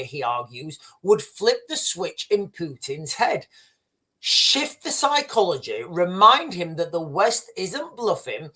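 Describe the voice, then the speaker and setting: Brief: British male streamer, punchy opinion monologue, very animated pitch. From Britain. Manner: emphatic, repetitive, addresses chat directly. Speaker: livestream host. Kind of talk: opinionated livestream commentary.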